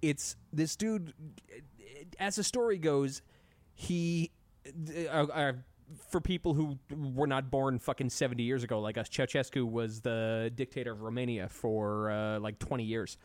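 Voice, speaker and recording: A man chatting casually on a podcast, telling stories in an animated way with plenty of swearing. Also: medium pitch, measured pace, no echo. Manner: profane, animated storytelling. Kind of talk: casual chat.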